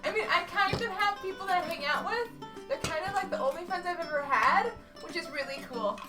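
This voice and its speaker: A woman voicing an eager, lonely young woman fighter who chats excitably. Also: very high-pitched, fairly quick. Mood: excited. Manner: chatty and excitable. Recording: distant mic, loud music.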